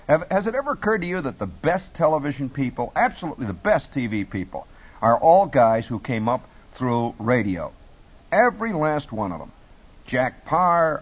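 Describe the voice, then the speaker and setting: A middle-aged man telling animated stories about his radio days as a talk show guest. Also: mid-range voice, breathy edge. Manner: lively, jumps between put-on radio voices. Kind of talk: animated storytelling. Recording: dull lo-fi broadcast audio.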